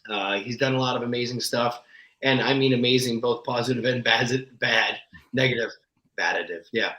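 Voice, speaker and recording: A man talking as a guest actor, telling candid, animated stories with a self-deprecating streak. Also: medium pitch, normal speed. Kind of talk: casual interview storytelling. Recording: echoey room.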